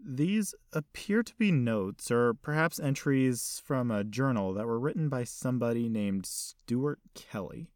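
A man's voice: mid-range voice, animated, unhurried, hardly any pauses, darkish tone, no echo, clean studio sound, lightly acted. A man playing a polite young male reporter. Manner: polite and earnest.

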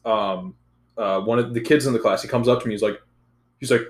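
A young man in casual chat, telling a profane, animated story about school. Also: lowish voice, a little fast. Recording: roomy echo.

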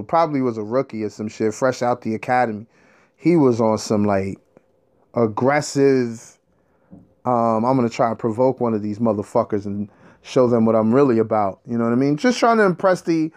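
A man in a casual monologue, telling a story in an animated, streetwise way, with profanity and slang. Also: medium pitch.

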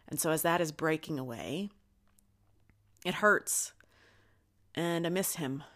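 A middle-aged woman hosting a podcast, giving a candid, confessional spiritual monologue and swearing freely. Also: low voice. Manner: candid, swears often, talks openly about her feelings. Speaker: podcast host.

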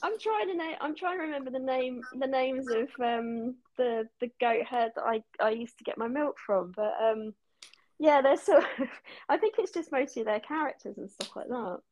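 A woman's voice: sits high, normal speed, a little mellow, no room sound, dull audio. A woman guest in a casual chat, giggly and hesitant with frequent ums.

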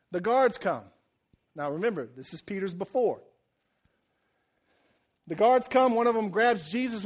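A pastor with a strikingly high voice delivers a sermon, telling the story in an animated way. He cracks jokes and acts out the quotes as he preaches.

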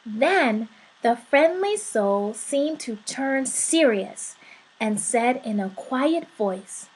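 A woman reading a storybook aloud in a soft, measured way. Her voice is high and her pace slow and deliberate. The telling stays gentle and expressive. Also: breathy edge, poor audio.

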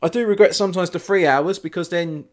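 A man with a somewhat high voice hosts a podcast in loose, casual chat. He talks in a lively, storytelling way with the odd casual swear. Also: quick pace. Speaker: podcast host.

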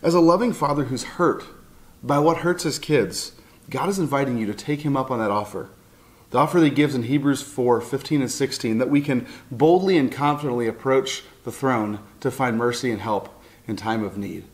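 A man's voice: medium pitch, a little fast. A middle-aged man giving an earnest, heartfelt sermon, often restarting his phrases as he speaks. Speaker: pastor and counselor.

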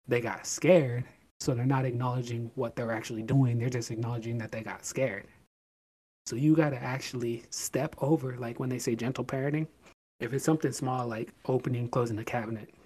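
A man's voice: medium pitch, fairly even intonation, fairly quick, no echo. A man co-hosting a casual podcast chat, talking at length with worked examples and emphatic, acted-out bits of scolding. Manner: explains at length with hypothetical examples; emphatic, acts out scolding a child. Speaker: podcast co-host.

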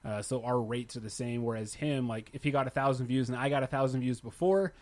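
A man in relaxed podcast conversation, laying out his points in a loose, explanatory way. He leans on filler words and hedges as he goes, at an everyday middle pitch. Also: fast talker. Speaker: YouTube tech channel creator. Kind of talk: casual podcast chat.

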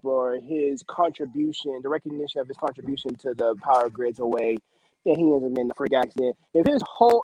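High-voiced man rambling about a film. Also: darkish tone, no echo, poor audio. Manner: rambling, many fillers, thinking aloud. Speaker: podcast co-host. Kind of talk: casual movie review chat.

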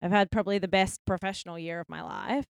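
Young aussie woman rambling casually in an interview, smooth clear voice, dry close sound. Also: fairly low pitch, steady tone, quick pace, dry recording. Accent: Australian. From Australia. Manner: chatty, many likes and restarts. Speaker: guest, filmmaker.

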